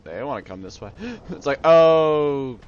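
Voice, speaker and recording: A man casually commenting on his own gameplay in an excitable way, talking to the enemies and breaking into sudden outbursts. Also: on the low side, a little fast, highs cut off, noisy background. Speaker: let's play host.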